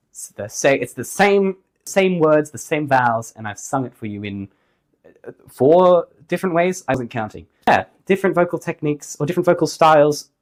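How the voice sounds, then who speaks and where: A man giving a singing lesson to camera, upbeat and jokey, his voice slightly hoarse after the flu. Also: mid-range voice, darkish tone. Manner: upbeat, jokey, emphatic on key points. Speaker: singing teacher.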